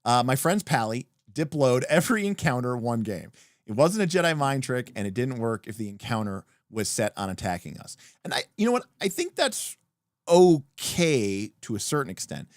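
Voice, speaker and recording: Animated man explaining on a dry mic. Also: mid-range voice, moderate pace, no room sound. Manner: animated, emphatic explaining with profanity. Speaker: podcast host. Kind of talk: livestream talk about tabletop games.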